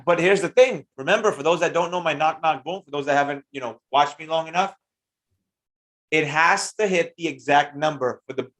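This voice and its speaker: On his live stream, a trading teacher with a fairly high voice fields chat questions as they pop up. He's energetic and hyped, full of slang, and calls out viewers by name.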